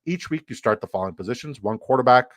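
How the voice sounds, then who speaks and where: A man's voice: medium pitch, animated, fast, no room sound. A man hosting a fantasy football livestream, chatting casually, joking around and reading chat messages aloud. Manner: playful, reads chat aloud, jokey hype. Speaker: livestream host.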